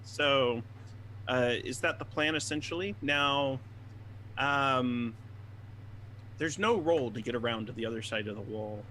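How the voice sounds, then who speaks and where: A man's voice: mid-range voice, measured pace, pauses often, bright, forceful tone, slight background noise. A man narrating a tabletop game as game master, describing scenes and guiding the players through their rolls.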